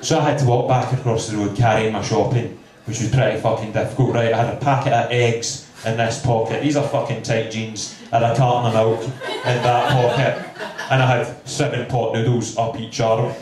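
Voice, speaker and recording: A man's voice: medium pitch, flat delivery, fairly quick, hardly any pauses, crowd noise. A Scottish man in his twenties doing a stand-up routine, telling a story with dry asides. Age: 20s. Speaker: stand-up comedian. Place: comedy club stage. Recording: echoey venue from far off.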